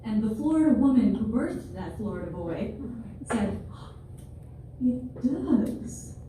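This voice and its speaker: Speaking at a normal pace in a warm, animated mid-range voice, a twenty-something woman works a live audience in a big room with a stand-up set. She jokes wryly at her own expense and tosses in playful asides. Heavy hall echo, distance, and noise color the recording.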